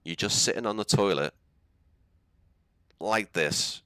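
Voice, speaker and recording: A man's voice: sits low, slow, pauses often, a bit bright, clean tone, no echo, clean studio sound. A young man with a Scouse accent, rambling and laughing as he chats through a live stream. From England. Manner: chatty, rambling, laughs often. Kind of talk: casual live-stream chat.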